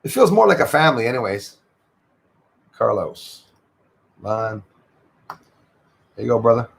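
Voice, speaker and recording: A man's voice: medium pitch, very animated, unhurried, creaky, breathy edge. A man hosting a casual livestream, chatting with viewers, greeting them by name and often saying "eh". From Canada. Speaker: livestream host.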